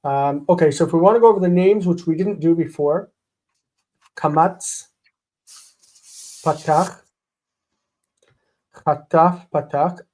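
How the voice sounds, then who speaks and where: A man's voice: fairly high pitch, slow, pauses often, darkish tone. A man teaching a live online Hebrew lesson, patiently repeating terms and rules.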